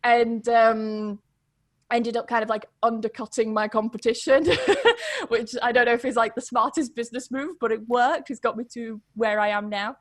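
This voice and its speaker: A young woman, a podcast guest telling her story in a chatty, quick way and laughing often. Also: a little high, no room sound, studio quality. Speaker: podcast guest, English pronunciation teacher. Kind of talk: casual storytelling interview.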